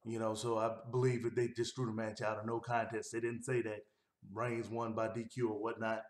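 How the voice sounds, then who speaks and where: A man's voice: lowish voice, little pitch movement, a little fast. A man giving a casual, rambling recap of a wrestling show, with easygoing delivery and frequent fillers. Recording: roomy echo.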